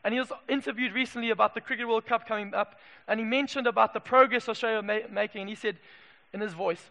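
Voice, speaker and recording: A man from Zimbabwe preaching a passionate sermon in a church, moving from hushed asides to loud calls. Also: sits high, fast talker, vocal fry. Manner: passionate, swings from hushed to shouting. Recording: echoey hall reverb.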